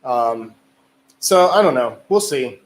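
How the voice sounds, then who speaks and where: A man's voice: medium pitch, lively intonation, slow. A man chatting loosely on a livestream as a strength athlete, rambling and swearing, with lots of filler words. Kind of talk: casual livestream chat. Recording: echoey room with faint noise.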